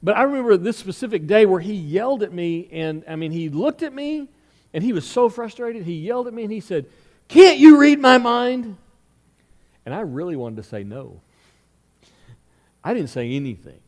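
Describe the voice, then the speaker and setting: A man's voice: sits high, sing-song, brisk, darkish tone, long reverb tail. A middle-aged man preaching a sermon as pastor, telling stories and asking the congregation questions. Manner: conversational storytelling with rhetorical questions. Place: church sanctuary.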